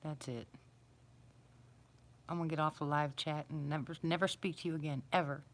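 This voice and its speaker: Low-voiced woman chatting with viewers. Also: steady tone, normal speed. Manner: chatty, addresses viewers by name. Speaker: livestream host. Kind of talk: casual live chat with viewers.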